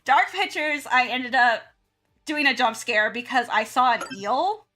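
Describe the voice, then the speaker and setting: Chatty woman, bright voice. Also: high voice, unhurried. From American South. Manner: rambling, laughs often, acts out her own reactions. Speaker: art streamer and teacher. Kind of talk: casual chat while drawing on stream.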